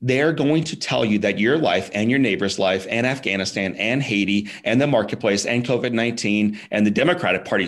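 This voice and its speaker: This male podcast guest shares a personal story in a medium-pitched, fairly bright voice. He's casual yet emphatic, leaning on "like," "man," and "dude," and words get repeated when his emotions rise.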